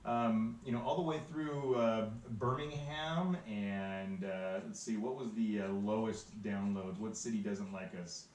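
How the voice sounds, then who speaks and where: A man's voice: lowish voice, unhurried, few pauses, a little mellow, recorded from a distance, slight background noise. A man with a Southern California accent co-hosting a podcast in casual chat, rambling with many fillers and restarts. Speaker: podcast co-host. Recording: roomy echo, off-mic, faint ambience.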